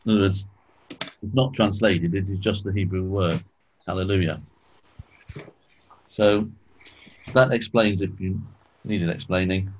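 A man teaching a small group in an informal Bible study, explaining slowly and asking questions, clearing his throat often. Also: lowish voice, darkish tone, rough recording.

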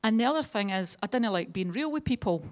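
A woman's voice: on the high side, lively intonation, fast. A woman with a Scottish accent giving a personal testimony at a church meeting, chatty and self-mocking with a humorous streak. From Scotland.

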